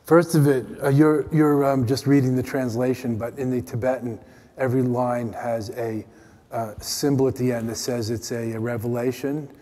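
An American man giving a playful, teasing meditation talk at a retreat, his voice dropping to soft, quiet tones. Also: medium pitch, steady tone, moderate pace. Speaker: meditation teacher. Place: retreat meeting hall. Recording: long hall reverb.

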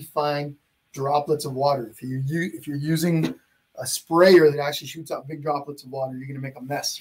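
Male art instructor, live stream, friendly and chatty, slightly higher voice with a husky edge. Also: darkish tone. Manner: chatty, greets viewers by name. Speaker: painting instructor. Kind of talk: live-streamed painting lesson.

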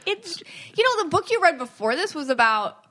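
A woman's voice: extremely high pitch, very animated, fairly quick, pushed and bright. A woman hosting a podcast in casual chat, playful and chatty, laughing often. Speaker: podcast host.

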